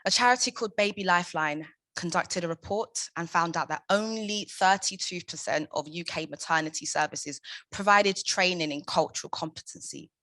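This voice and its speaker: A woman's voice: lowish voice, normal speed, fairly bright tone, dry recording. A young adult woman giving a prepared conference talk, impassioned and emphatic, driving her points home with rhetorical questions. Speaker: conference speaker, founder of a maternal support group.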